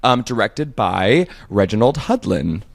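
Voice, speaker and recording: A man co-hosting a podcast with a fairly low voice. He sounds upbeat, chatting casually and running through show facts the way a host does. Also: very animated, measured pace, creaky. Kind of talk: casual chat.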